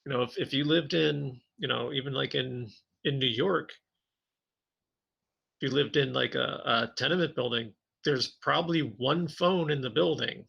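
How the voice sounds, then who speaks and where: A man co-hosting a podcast, chatting casually about tabletop games and telling lively stories with frequent laughs. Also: medium pitch, normal speed, creaky, slightly rough, highs cut off. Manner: animated storytelling, laughs often. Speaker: podcast co-host.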